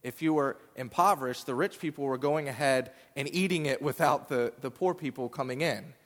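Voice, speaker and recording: A man's voice: mid-range voice, fairly quick, a bit bright, long reverb tail. A man giving a sermon, explaining scripture in a conversational way with fillers. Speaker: pastor. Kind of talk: sermon teaching.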